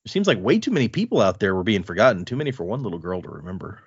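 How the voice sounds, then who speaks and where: A man's voice: deep voice, big pitch swings, rapid-fire, breathy edge, no room sound, highs cut off, voice pushed down, heavily acted. A man voicing a scrappy, hungry young girl in a flippant, blunt way.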